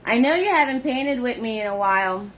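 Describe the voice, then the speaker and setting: A woman leading a live painting lesson, chatty and warm with viewers, greeting them by name in sing-song hellos. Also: fairly high pitch, expressive, brisk, a little hiss or hum. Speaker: painting instructor.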